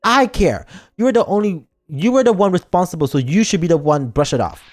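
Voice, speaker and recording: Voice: medium pitch, expressive, a little fast, a little mellow, pitched above the performer's own voice, natural voice. A streamer voicing a fussy teenage girl from a visual novel who nags and scolds indignantly. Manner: indignant, nagging.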